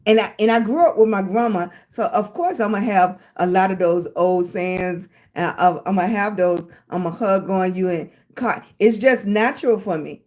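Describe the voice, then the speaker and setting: Her voice is mid-range with a darkish tone, and she talks at a moderate pace with few pauses. Hosting a livestream, this older Southern US woman chats casually and greets viewers by name with endearments such as baby and sweetie.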